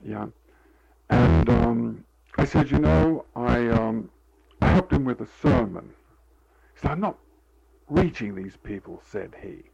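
Older man with a gravelly voice. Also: medium pitch, lively intonation, takes it slowly, pauses often, a little mellow, muffled recording, a little hiss or hum. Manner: meandering, full of fillers, acts out quoted dialogue. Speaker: interviewee telling a life story. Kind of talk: rambling anecdotal storytelling.

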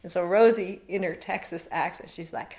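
A woman's voice: lowish voice, normal speed. A middle-aged woman being interviewed, telling a long story casually with rambling asides. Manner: rambling, animated, laughs while telling.

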